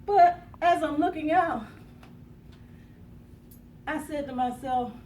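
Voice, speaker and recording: High-voiced woman speaker telling a wild story, acts out every line, slow pauses, echoey room mic from far off. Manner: animated, acts out quotes, gasps and laughs. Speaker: motivational speaker. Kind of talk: dramatic personal storytelling. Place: conference room.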